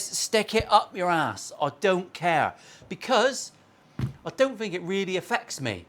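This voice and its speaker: A man's voice: a little high, sing-song, measured pace, fairly bright tone. A man, a guitar maker and channel host, ranting bluntly and profanely in a casual opinion vlog from his workshop.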